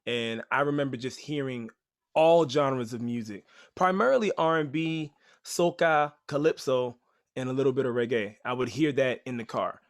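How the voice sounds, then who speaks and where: A man guest on a podcast, telling stories in an animated, chatty way with lots of "like" and "you know". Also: medium pitch, moderate pace, no room sound, studio quality. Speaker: podcast guest, rapper and teaching artist. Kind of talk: casual storytelling.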